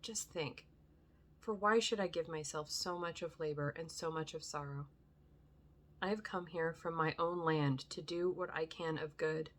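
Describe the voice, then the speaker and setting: A woman's voice: deep voice, fairly bright tone. A woman voicing a grave old doctor. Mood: solemn. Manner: grave, measured and solemn. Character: grave old foreign male doctor, stern yet tender. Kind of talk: audiobook reading.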